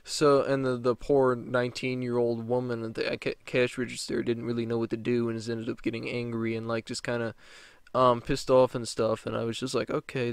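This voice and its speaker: A man's voice: mid-range voice, smooth, no echo. A young man telling a story as a vlogger, rambling, heated and profane. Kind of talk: storytime rant.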